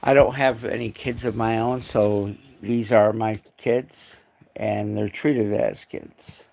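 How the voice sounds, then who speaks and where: A man with a gravelly, fairly low voice chats casually on a live stream from indoors at home. He keeps breaking into cooing baby talk with his dogs. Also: expressive, takes it slowly, a little mellow.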